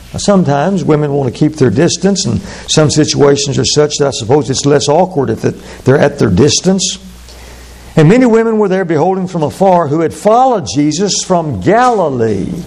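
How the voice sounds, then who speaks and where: Male pastor, raised-pitch gravelly voice, measured sermon delivery. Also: darkish tone. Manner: measured, drawn-out delivery with sudden fast asides. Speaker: preacher.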